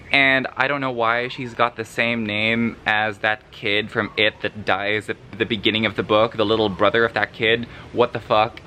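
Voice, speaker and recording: A man's voice: medium pitch, a little hiss or hum. A sleep-deprived man chatting casually in a book vlog, rambling and swearing as he reacts to what he reads. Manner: sleepy, profane, rambling and animated. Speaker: book vlogger.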